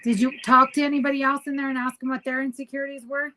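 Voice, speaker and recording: A woman's voice: sits high, level tone, fast talker, bright, forceful tone, slight background noise, poor audio. Woman, podcast co-host, casual and rambling, teasing. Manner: rambling, teasing, goes back and forth. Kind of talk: casual chat.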